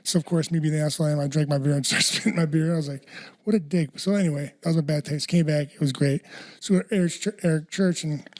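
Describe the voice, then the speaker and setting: A man co-hosting a podcast who tells animated anecdotes, acts out the lines of the people in them and swears freely. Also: fairly high pitch, rapid-fire. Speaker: podcast co-host. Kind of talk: casual chat, storytelling.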